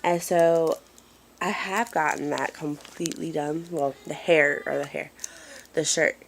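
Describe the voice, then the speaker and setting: A woman's voice: low-pitched, steady tone, measured pace, creaky, a little hiss or hum. A woman chatting casually in a home vlog, apologetic and rambling with lots of fillers, filming on a handheld phone in a dim room. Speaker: mother giving a family update.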